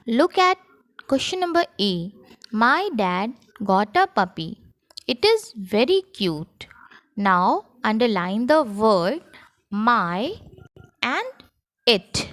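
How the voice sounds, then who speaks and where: Female school teacher with an Indian English accent, slightly high voice, slow and deliberate lesson delivery, dry close recording. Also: very animated, fairly bright tone, dry recording. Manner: slow, sing-song classroom delivery. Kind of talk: recorded grammar lesson for children.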